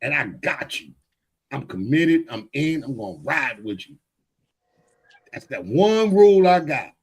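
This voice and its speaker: A middle-aged man co-hosting a podcast, telling stories in blunt, profane, animated casual chat. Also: mid-range voice, measured pace, breathy edge, low-quality recording. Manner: blunt and emphatic. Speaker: podcast co-host.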